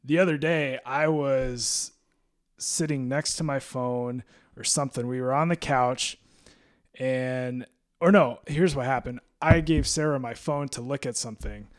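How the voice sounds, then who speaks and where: A man hosting a podcast, telling a relaxed, relatable story in casual conversation. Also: mid-range voice, unhurried. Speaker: podcast host. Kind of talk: casual chat.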